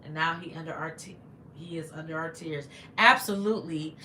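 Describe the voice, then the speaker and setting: A woman hosting a laid-back livestream speaks at normal speed in a low-sitting voice that sounds pushed and bright. Slightly congested and in an echoey room, she reads viewer comments and thanks people over and over.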